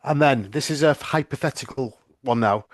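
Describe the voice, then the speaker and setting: A man's voice: mid-range voice, moderate pace, no room sound, studio quality. A man hosting a podcast, asking friendly, curious questions in a casual interview. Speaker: podcast host.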